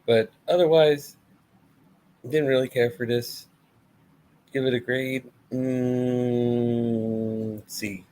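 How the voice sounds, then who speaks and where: A man rants through a wrestling review in blunt, sarcastic, profane bursts. His voice sits at an ordinary middle pitch. A faint hum runs underneath. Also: takes it slowly, long pauses, a little mellow, poor audio. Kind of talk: casual ranting review.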